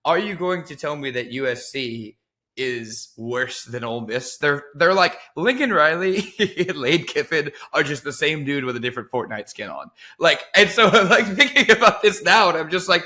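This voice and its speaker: A man co-hosting a sports podcast, animated and laughing through his casual points. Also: a little high, moderate pace. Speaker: co-host.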